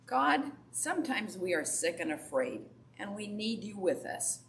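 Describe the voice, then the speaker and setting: A woman's voice: medium pitch, sing-song, a little slow, creaky. Woman telling a children's Bible story. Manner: warm storytelling with questions to children. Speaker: Sunday school teacher. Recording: echoey room from far off, faint background noise.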